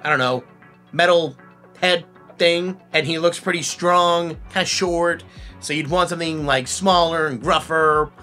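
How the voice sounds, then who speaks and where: A man, a voice impressionist, hosting a playful guessing game, animated and quick to laugh. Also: fairly high pitch, faint music behind. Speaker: voice impressionist, host.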